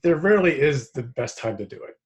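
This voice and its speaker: A man's voice: medium pitch, expressive, fairly quick. A man hosting an interview, affirming his guest and asking open questions. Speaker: interview host. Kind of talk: casual interview.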